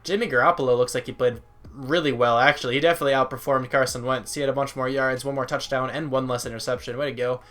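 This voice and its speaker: A young man talks through a football video game at a relaxed, rambling pace, thinking out loud and chatting with his viewers. His voice sits at an ordinary middle pitch, recorded close on a desk mic in a room at home. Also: fast. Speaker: gaming YouTuber. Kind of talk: casual let's-play commentary.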